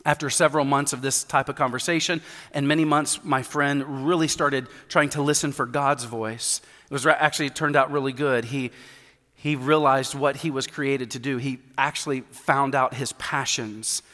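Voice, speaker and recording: A man's voice: medium pitch, steady tone, moderate pace, pushed and bright. A male pastor preaching a sermon, emphatic, repeating key points, with light humor. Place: church sanctuary. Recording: reverberant church hall.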